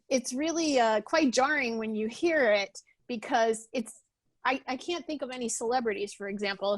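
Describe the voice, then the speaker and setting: A woman's voice: a little high, dry recording. A woman being interviewed on a podcast over a video call, talking casually with many restarts. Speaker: podcast guest.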